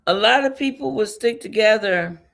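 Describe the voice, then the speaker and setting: This woman speaks at medium pitch and normal speed with some vocal fry. She's a tarot and numerology reader doing a loose spiritual reading, repetitive and meandering, frequently chuckling and talking to herself.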